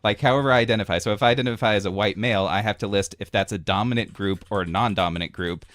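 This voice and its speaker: A man with a deep, low voice recounts a story to friends in a loose, meandering way, leaning on filler words and chuckling at himself. The sound is dry and close, with no room around it. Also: rapid-fire, a bit bright, no echo. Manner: rambling storyteller, filler-heavy, laughing asides. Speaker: podcast co-host. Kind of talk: casual chat.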